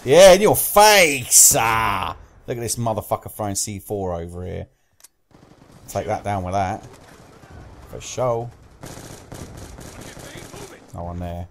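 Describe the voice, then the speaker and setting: A man's voice: sits low, takes it slowly, creaky, long pauses, fairly bright tone, slight background noise. A young British man commentating his own gameplay, swearing constantly and raging at other players. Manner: swears constantly, rages at teammates and enemies. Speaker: gaming commentator.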